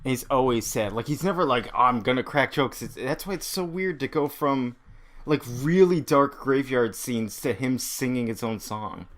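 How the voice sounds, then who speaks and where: A man's voice: medium pitch, expressive, moderate pace. A man co-hosting a casual podcast, recapping a comic book plot and laughing often. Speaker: podcast co-host.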